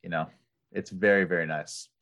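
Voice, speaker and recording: Chatty man with a low voice. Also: normal speed. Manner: animated storyteller with lots of fillers. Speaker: podcast guest. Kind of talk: casual chat.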